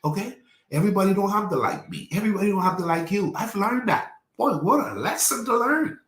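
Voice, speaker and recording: A man's voice: high voice, sing-song, fairly quick, a bit bright, echoey room. A man giving a live teaching in a folksy, conversational preaching style, calling out to his listeners. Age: 40s. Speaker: pastor.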